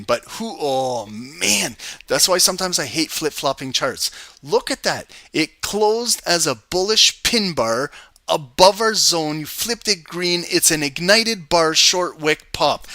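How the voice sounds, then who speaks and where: A man hosting a live trading stream, giving energetic casual commentary on charts and talking to his viewers. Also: a little high, measured pace, no room sound. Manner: energetic, swears and laughs, talks to chat by name. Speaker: trading livestream host.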